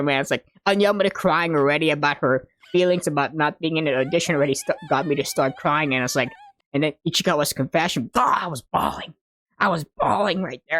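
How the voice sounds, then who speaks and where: A woman's voice: fairly low pitch, fairly quick, no echo. A young woman reviewing an anime, gushing and emotional, tacking "man" and "dude" onto her phrases. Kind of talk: casual unscripted review.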